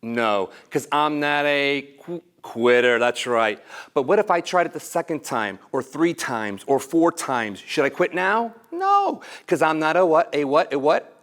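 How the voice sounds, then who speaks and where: A man giving an energetic motivational speech at a school assembly, leading children in call-and-response chants. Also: fairly high pitch, a little slow. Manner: animated and exclamatory, leading chants. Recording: background music under the voice. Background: music.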